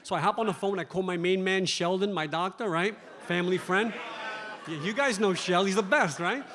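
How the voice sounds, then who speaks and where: A man's voice: sits high, a bit bright. A male stand-up comedian telling an anxious story on a club stage, checking in with "right?". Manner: fast storytelling, frequent "right?". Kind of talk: stand-up set.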